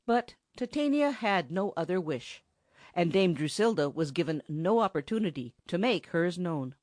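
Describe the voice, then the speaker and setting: A woman reading a children's storybook aloud in an expressive narrating style. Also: on the low side, moderate pace, no echo, studio quality. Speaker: audiobook narrator.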